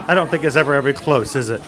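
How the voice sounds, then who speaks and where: A man's voice: medium pitch, fast talker. A man casually hosting a walking livestream, chatting and joking as he strolls around. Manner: chatty, meandering, with light jokes. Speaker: livestream host. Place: outdoor theme park walkway. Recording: busy theme park crowd behind.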